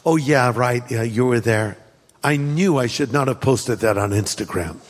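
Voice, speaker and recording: Preacher putting on a sheepish low-voiced Peter, caught out, in a reverberant hall. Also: male voice, normal speed, natural voice. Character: flustered Peter, adult man, caught out.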